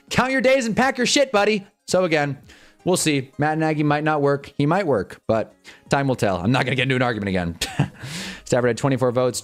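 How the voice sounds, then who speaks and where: A young man live-streaming commentary on a football awards show, swearing and laughing as he swings from loud outbursts to low mumbles. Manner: profane, laughs often.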